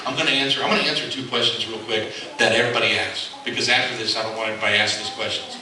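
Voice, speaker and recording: A man's voice: mid-range voice, very fast, crowd noise. A man giving an earnest motivational speech to a live audience, repeating his key lines and mixing in joking stories. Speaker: motivational speaker. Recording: echoey hall from far off, noisy.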